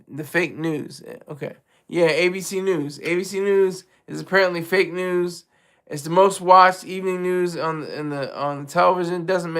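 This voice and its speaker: A man hosting a casual live commentary stream, animated, often repeating and restarting his phrases. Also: on the high side, gravelly. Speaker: streamer host.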